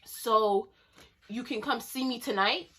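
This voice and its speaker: A woman quoting a pushy grown man who keeps insisting, in her own bright, lively voice. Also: fairly high pitch, slow pace, breathy edge, full character voice. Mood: insistent. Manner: insistent, persuasive.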